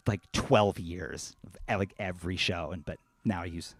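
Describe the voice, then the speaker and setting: A man speaking softly and casually in his apartment, then rapping over a beat during a live stream concert. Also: sits low, a little slow, no echo. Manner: soft, rambling spoken asides. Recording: loud hip hop backing music.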